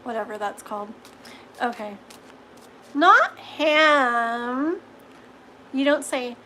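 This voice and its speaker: A woman's voice: high voice, takes it slowly, long pauses, sharp tone, a little hiss or hum, poor audio. A middle-aged woman hosting a live tarot reading, chatting casually and gushing, laughing often. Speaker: tarot reader hosting a livestream. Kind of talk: casual livestream chat.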